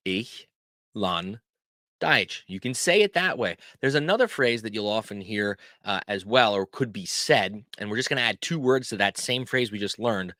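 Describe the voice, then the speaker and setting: A man teaching language phrases in a casual lesson, repeating each phrase slowly and clearly for learners in a friendly, chatty way. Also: lowish voice, expressive, bright, forceful tone, dry recording, studio quality.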